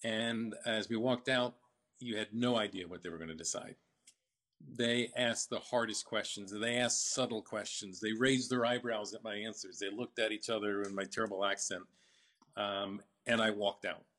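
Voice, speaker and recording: An older man recounting his business story in a casual interview, halting with fillers and restarts. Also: lowish voice, fairly even intonation, fairly bright tone.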